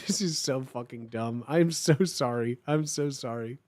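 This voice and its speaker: A woman's voice: rumbling low, measured pace, mellow, dry recording. A woman streamer reading fan fiction aloud live, breaking off into self-mocking, laughing, apologetic asides.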